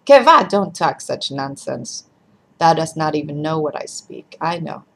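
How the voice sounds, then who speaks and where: A woman reading aloud, voicing a gentle young girl who pleads softly. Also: low-pitched, sing-song, a little slow, vocal fry, a little hiss or hum, full character voice.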